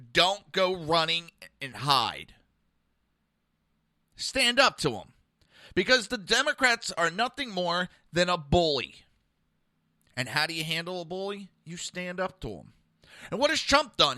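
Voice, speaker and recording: Loud profane ranting male podcast host. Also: sits high, expressive, a little slow, no room sound, studio quality. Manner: aggressive, profane, mocking. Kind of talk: political commentary rant.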